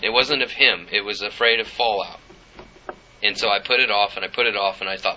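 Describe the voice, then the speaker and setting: A middle-aged man preaches a sermon, earnestly telling a personal story and reading scripture. His lowish voice is bright and forceful and moves fairly quickly, heard through a dull lo-fi recording with faint noise.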